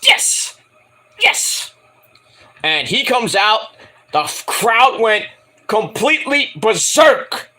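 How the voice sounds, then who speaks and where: A man giving a casual, profane recap of a wrestling show, rambling, excitable and mocking. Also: sits high, slow pace. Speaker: wrestling reviewer.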